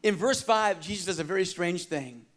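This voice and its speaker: A male pastor with a high voice delivers a sermon. He moves from loud, emphatic lines to quiet, hushed ones and calls out to the congregation for responses. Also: moderate pace. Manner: dramatic preaching, swinging from loud emphasis to hushed tones.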